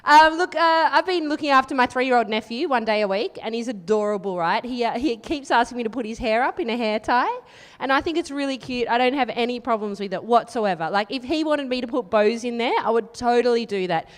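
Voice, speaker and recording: Aussie woman doing stand-up, teasing the crowd, kinda high voice, echoey live room. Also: brisk. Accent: Australian. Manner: chatty, teasing the crowd, deadpan asides. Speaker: stand-up comedian. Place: live comedy venue. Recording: live room with long reverb.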